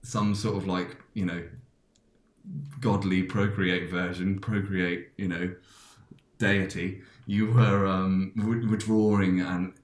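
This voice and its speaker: Podcast host, male, low voice, loose rambling storyteller, echoey room. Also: flat delivery, takes it slowly. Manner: rambling, many restarts and fillers. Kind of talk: casual chat, telling a dream. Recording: roomy echo.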